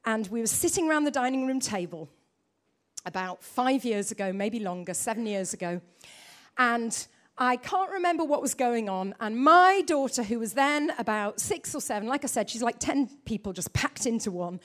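A woman's voice: fairly high pitch, lively intonation, moderate pace. A woman preacher giving a sermon, telling a story about herself with self-mocking humor.

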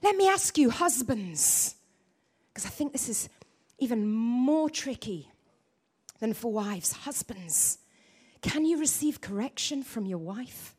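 A woman's voice: fairly high pitch, sing-song, slow, darkish tone, husky. A woman preacher giving a sermon, telling a story about herself with self-mocking humor.

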